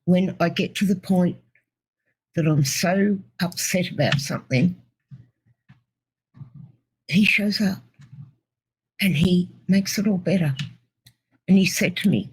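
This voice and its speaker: A middle-aged woman speaks with a gravelly, husky voice. She tells her personal story earnestly, with halting pauses and restarts. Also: on the low side, a little mellow, low-quality recording. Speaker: interview guest. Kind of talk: personal testimony.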